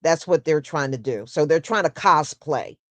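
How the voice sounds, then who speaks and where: A woman hosting a casual solo livestream, talking in an unhurried, conversational way and answering viewers with "mm-hmm" and "yeah". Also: low voice, no echo. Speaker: host.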